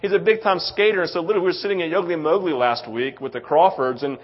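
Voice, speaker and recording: A male pastor with a fairly high-pitched voice talks fast as he preaches a conversational sermon in a church sanctuary. He tells stories and often throws in "right?", and the recording has a muffled lo-fi sound.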